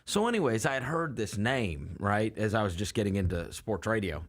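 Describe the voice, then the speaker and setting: A man's voice: on the low side, moderate pace. A man in sports radio, chatting in studio and laughing his way through a story. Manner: laughs through his stories, quotes others flatly. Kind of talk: casual studio chat.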